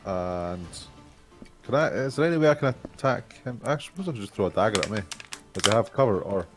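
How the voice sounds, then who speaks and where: A man's voice: fairly low pitch, expressive, a little fast, over music. A man playing in a tabletop game, chatting casually and thinking his moves through aloud. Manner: laid-back, thinking aloud. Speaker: player.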